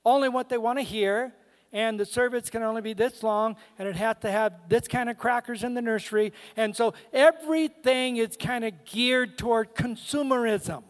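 A man's voice: very high voice, steady tone, normal speed, long reverb tail. A man preaching a sermon as a guest speaker, humorous and emphatic, calling out to the congregation in a church. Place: church sanctuary.

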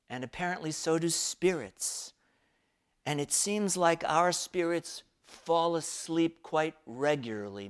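A man preaching a reflective sermon, speaking in an unhurried, thoughtful way. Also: a little high, expressive, clear, resonant tone. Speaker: pastor.

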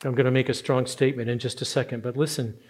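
A man's voice: mid-range voice, level tone, quick pace, darkish tone, husky. A man preaching a sermon, earnest and rising to strong emphasis on key words. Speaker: pastor.

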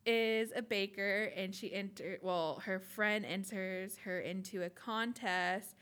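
A young woman co-hosting a casual chat podcast, animated, laughing often and swearing casually. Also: medium pitch, takes it slowly, smooth. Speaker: podcast co-host.

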